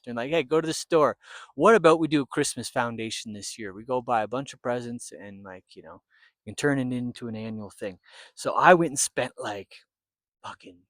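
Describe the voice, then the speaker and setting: A man telling his own story casually, swearing a lot and swinging between hushed asides and loud outbursts. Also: mid-range voice, no room sound.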